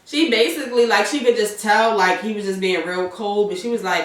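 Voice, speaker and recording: A woman's voice: medium pitch, brisk, far from the mic. A woman in casual chat, animatedly retelling a TV episode and acting out every quoted line. She swears freely. Her voice sits away from the mic in a very echoey room. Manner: animated retelling with acted-out quotes, heavy profanity. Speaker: podcast co-host recapping a TV episode.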